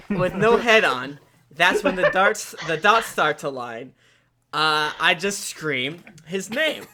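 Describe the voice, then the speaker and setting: A man with a high, bright voice hosts a casual comedy podcast and reads listener reviews aloud. His delivery is playful and jokey, and he jumps to loud emphasis without warning.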